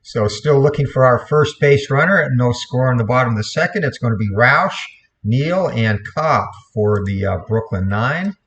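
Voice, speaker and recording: A man calling play-by-play for a replayed computer baseball game, in a steady voice, correcting himself now and then. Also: mid-range voice, normal speed, slight background noise. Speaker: play-by-play commentator.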